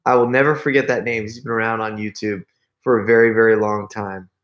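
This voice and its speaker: A man's voice: lowish voice, level tone, a little fast, fairly bright tone. A middle-aged man hosting a casual live stream, telling a story and reading out viewer comments, often restarting sentences and laughing as he talks.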